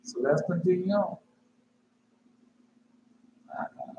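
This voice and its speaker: A man preaching in a loose, conversational style, with rhetorical questions and repeated lines. His voice sits fairly high and leaps sharply on emphatic words. The room echoes around him over a faint hum. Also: wildly swooping pitch, takes it slowly, vocal fry, dull audio. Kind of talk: informal sermon with scripture reading.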